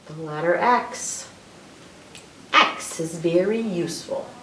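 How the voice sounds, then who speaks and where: Slow sing-song woman reading to children. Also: mid-range voice, fairly bright tone, reverberant, far from the mic, slight background noise, poor audio. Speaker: librarian storyteller. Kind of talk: reading an alphabet picture book aloud to children.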